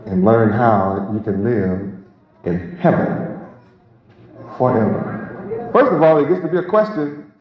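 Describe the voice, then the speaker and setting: In an echoey, lo-fi hall recording with a crowd present, a man teaches a sermon emphatically and rhetorically, stretching out key words. He speaks slowly in a mid-range voice, leaving long pauses. He is a religious teacher.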